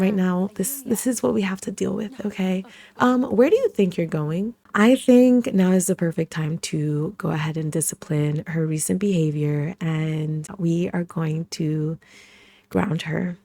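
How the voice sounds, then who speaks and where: Woman gaming creator with a low, gravelly, dark voice, chatting her way through a life-sim playthrough. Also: unhurried. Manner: chatty, with lots of fillers. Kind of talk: casual life-sim let's-play commentary.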